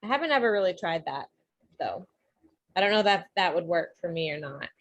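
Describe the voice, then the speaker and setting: Husky woman talking kinda unsure on a video call, dry dull audio. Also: lowish voice, animated, fairly quick, fairly bright tone, no echo. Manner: hesitant, unsure. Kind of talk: casual group discussion.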